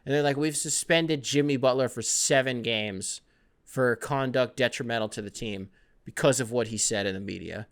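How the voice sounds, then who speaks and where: Host for a sports podcast: man, smooth clear voice, loose and profane, riffs and jokes. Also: mid-range voice, normal speed. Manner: profane, rambling, joking, mocks athletes with put-on voices. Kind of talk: casual sports podcast monologue.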